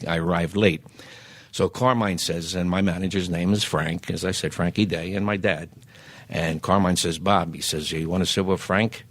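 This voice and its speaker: Deep-voiced older man. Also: no room sound. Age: 70s. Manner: animated raconteur who acts out quoted dialogue. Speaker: guest. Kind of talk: anecdotal storytelling.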